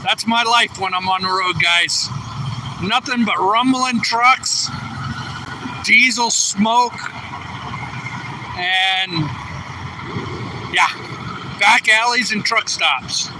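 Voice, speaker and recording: A tired trucker livestreaming outdoors, chatting casually and reading viewer comments aloud. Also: male voice, very slow, pauses often. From New England. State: a little tired. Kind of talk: casual live stream chat. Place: outdoors at a truck distribution center. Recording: distant phone mic with faint traffic noise. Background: trucks rumbling.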